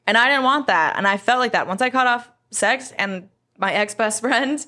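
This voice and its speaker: A woman's voice: on the high side, moderate pace, pushed and bright. A young woman co-hosting a podcast, chatting candidly, swearing freely and laughing often. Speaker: podcast co-host. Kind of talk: casual podcast chat.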